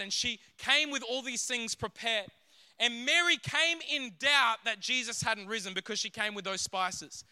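Male preacher, high bright voice, smooth, animated storytelling delivery, dry sound. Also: no echo. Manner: animated, acts out scenes in character voices. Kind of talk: sermon.

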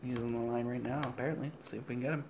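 A male podcast host who talks casually and mutters his lines in a deadpan way. His voice has a gravelly, creaky texture. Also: mid-range voice, rapid-fire, noisy background. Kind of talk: casual comedic podcast chat.

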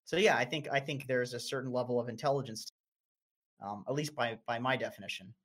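Young North American man, casual co-host, profane and animated, prone to sudden pitch spikes. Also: a little fast. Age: 20s. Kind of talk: casual chat.

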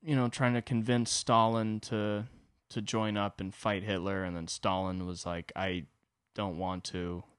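A man's voice: on the low side, level tone, moderate pace, clean tone, no room sound, clean studio sound. A young adult man hosting a solo podcast, telling a comedic story with profane, rambling asides. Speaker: podcast host.

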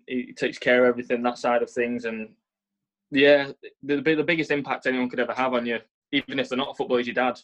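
A young man with an English accent speaks in a medium-pitched voice, answering questions in a relaxed interview. He talks earnestly, tripping over his words and restarting phrases as he goes. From England. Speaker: professional footballer, interview guest.

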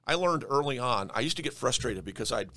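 A man being interviewed on a podcast talks through how he runs his business. His voice is bright and forceful, and the recording is dry and close. He speaks emphatically and repeats words as he gets going. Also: medium pitch, expressive, fast talker, no room sound. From Denver area. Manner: emphatic, repeats words when starting a thought. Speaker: real estate investor guest.

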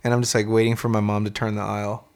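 A man co-hosting a podcast, telling a childhood story in casual chat, animated and swearing freely. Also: lowish voice, quick pace. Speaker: podcast co-host.

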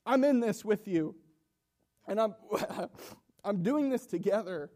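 Halting emotional young preacher, high voice. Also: male voice, expressive, warm tone. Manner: halting, repeats words, laughs nervously. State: emotional, coughing. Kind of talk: emotional sermon. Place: church.

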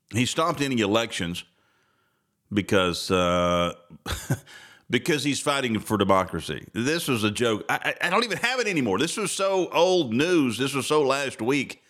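With a mid-range voice that's a bit bright, this podcast host rambles over political topics in a casual, sarcastic style, frequently breaking into his own sentences.

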